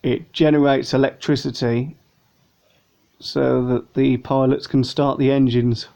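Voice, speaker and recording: A man's voice: mid-range voice, little pitch movement, a little slow, gravelly, dark tone. A man chatting casually through a model plane unboxing review, rambling and a little tired. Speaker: vlogger. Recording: dull lo-fi home recording.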